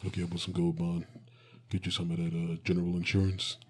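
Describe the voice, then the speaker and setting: A man on a podcast putting on a laid-back, boastful impression of a famous athlete, in a husky monotone drawl. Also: deep voice, fast. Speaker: podcast co-host. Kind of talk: comedic impression in casual podcast.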